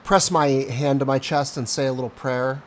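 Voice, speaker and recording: A man playing a tabletop game in an excitable, casual way. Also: mid-range voice, normal speed, slight background noise. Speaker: player.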